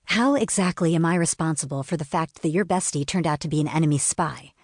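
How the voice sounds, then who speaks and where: A woman's voice: sits low, fairly quick, a little mellow, dry recording, studio quality. A woman voicing a defiant teenage girl who speaks in a lazy, sardonic drawl. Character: teenage girl heroine, defiant, sharp-tongued.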